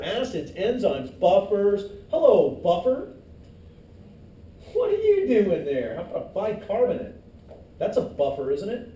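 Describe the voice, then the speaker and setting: A middle-aged male teacher lectures his class, tossing in joking asides and quizzing students. His voice sits high with a warm tone. Captured from far away in an echoey classroom, the recording carries slight background noise.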